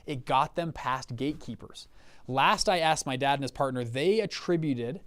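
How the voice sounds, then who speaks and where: A young man hosting a casual live webinar over a video call, telling stories with lots of restarts and quick check-ins with his viewers. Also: mid-range voice. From Utah. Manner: animated, storytelling with many restarts and check-ins. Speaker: fund manager and webinar host.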